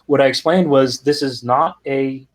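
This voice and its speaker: A man being interviewed as a guest, telling a story in a lively, casual way with frequent ums and restarts. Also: medium pitch, unhurried. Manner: animated anecdote teller, frequent ums and restarts. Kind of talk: conversational storytelling.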